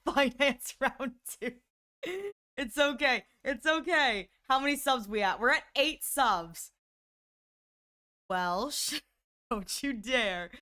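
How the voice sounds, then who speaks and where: A young adult woman streaming live, chatting casually with her chat and squealing in excitement when surprised. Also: high voice, clean tone.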